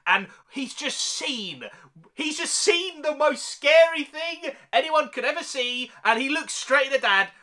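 A British man reviewing a movie on his vlog in a casual, slangy rant. His voice sits very high for a man and sounds sharp and bright. He keeps laughing at the film's flaws. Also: measured pace. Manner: animated, slangy, laughing at the film.

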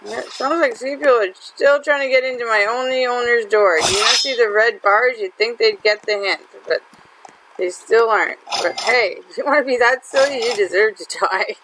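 A woman's voice: fairly high pitch, normal speed, background noise. Chatty woman doing gaming commentary. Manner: chatty and teasing, laughs often. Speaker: gaming channel host. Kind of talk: let's-play commentary.

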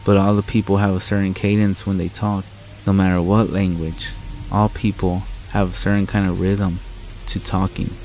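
A man's voice: low voice, little pitch movement, moderate pace, a little hiss or hum, rough recording. A man narrating a true horror story in the first person, blunt and full of swearing. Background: soft music and rain sounds.

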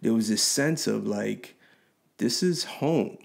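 A man's voice: on the low side, slow pace, vocal fry. A man on a podcast telling his own life story with feeling, laughing often and acting out what people said. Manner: animated, laughing, quotes people in voices. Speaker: podcast guest. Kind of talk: personal storytelling.

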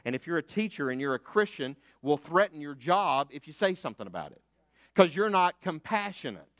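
An older man, preaching a sermon as pastor, emphatic and fiery, rising to loud declarations and dropping to hushed asides. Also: fairly high pitch, very animated, brisk. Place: church sanctuary.

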